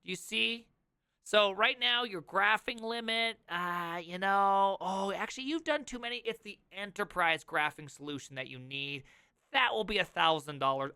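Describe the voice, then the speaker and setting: A man streaming live, reacting to a video with sarcastic rants and mock sales pitches. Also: lively intonation, moderate pace, sharp tone, smooth, no room sound.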